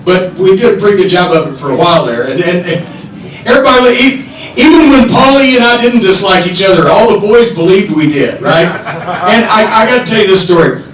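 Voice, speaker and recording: A middle-aged man hosting a live podcast from a comedy club stage, telling long, profane, animated anecdotes. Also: sits high, a little fast. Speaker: podcast host. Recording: echoey room from far off.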